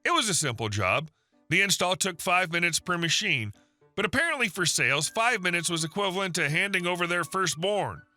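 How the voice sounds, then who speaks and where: Bright, lively male story narrator. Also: high-pitched, fairly quick, dry recording, faint music behind. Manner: wry, deadpan asides.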